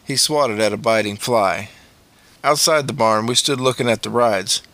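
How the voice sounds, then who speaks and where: A man's voice: mid-range voice, normal speed, pushed and bright, dry recording. A man narrating a memoir audiobook in a plain, matter-of-fact way.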